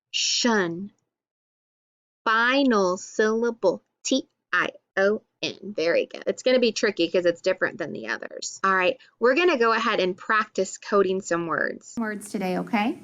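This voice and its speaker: A woman's voice: medium pitch, lively intonation, moderate pace, fairly bright tone, lo-fi sound. A woman teaching a phonics lesson, patiently sounding out letters and syllables and answering her own questions. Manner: asks questions and answers them herself.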